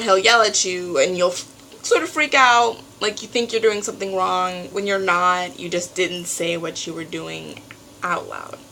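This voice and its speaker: A teenage girl vlogging at home, telling a story in an animated way and acting out what others said. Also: mid-range voice, a little hiss or hum, poor audio. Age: teens. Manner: animated storytelling, acts out quotes. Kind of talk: casual venting vlog.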